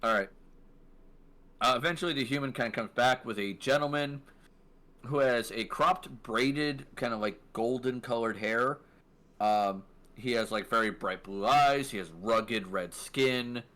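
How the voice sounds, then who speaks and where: A man narrating a tabletop role-playing game as dungeon master, relaxed, with fillers and laughs. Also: mid-range voice, measured pace.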